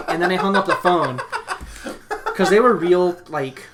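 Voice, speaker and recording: A man hosting a podcast, telling a long, profane and animated story in a casual chat. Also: high-pitched, brisk, a crowd in the background. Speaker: podcast host.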